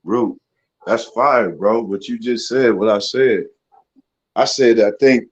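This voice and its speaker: Man, mid pitch, casual group call, relaxed, rambling, dull muffled audio.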